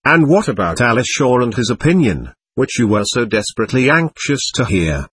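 A man's voice: mid-range voice, very animated, fairly quick, husky, no echo. A man reading the part of a sarcastic society lady in an audiobook. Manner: sarcastic, sharp.

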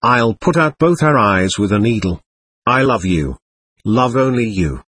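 A man reads as an impulsive young woman, tipsy and passionate, begging in a slow, husky voice. The lines swing up and down with feeling. The recording is close and dry. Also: fairly low pitch, expressive, a bit bright, heavily acted. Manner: pleading, emotional delivery. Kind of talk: audiobook narration.

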